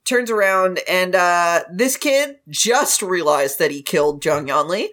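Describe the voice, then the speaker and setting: A woman's voice: fairly low pitch, animated, unhurried, a bit bright. Woman casually recapping a story. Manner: narrates plot events step by step. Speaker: podcast co-host.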